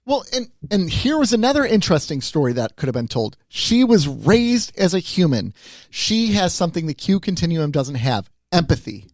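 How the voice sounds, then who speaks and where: A man's voice: a little high, big pitch swings, moderate pace, a little mellow, dry recording, studio quality. A man co-hosting a casual podcast, musing aloud and often checking in with "right?". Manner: musing, thinks aloud with many "right?" tags. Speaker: podcast co-host. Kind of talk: casual chat.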